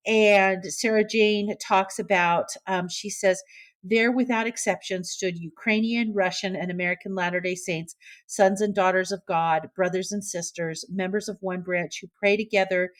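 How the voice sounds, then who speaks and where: A woman's voice: mid-range voice, steady tone, moderate pace. Chatty woman co-hosting a news podcast. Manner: chatty, many restarts and fillers. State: tearful. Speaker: podcast co-host. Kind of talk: casual news chat.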